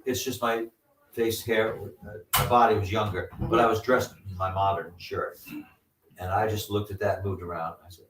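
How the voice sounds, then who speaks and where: A man's voice: fairly low pitch, steady tone, moderate pace, a bit bright. A man telling a paranormal story in casual chat, rambling and trailing into asides. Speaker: paranormal investigator guest. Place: living room at a live party. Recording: echoey room, mic far off.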